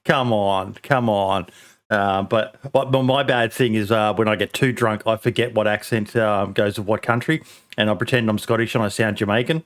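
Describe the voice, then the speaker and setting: A man's voice: fairly low pitch, steady tone, brisk. A man hosting a casual podcast, bantering and swearing freely with his guests. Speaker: podcast host.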